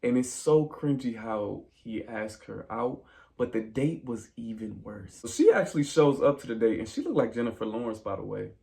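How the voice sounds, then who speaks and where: Gravelly man recapping a movie. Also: mid-range voice, normal speed. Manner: animated storyteller, addresses viewers as "y'all". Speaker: movie reviewer. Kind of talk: casual spoiler movie review recap.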